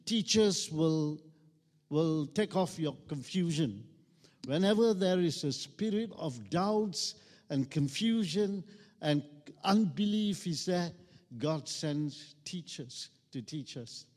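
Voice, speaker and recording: A man's voice: fairly high pitch, animated, slow, darkish tone. Preaching man in a reverberant hall. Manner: call-and-response preaching, rising to emphatic peaks. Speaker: pastor. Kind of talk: sermon. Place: church hall.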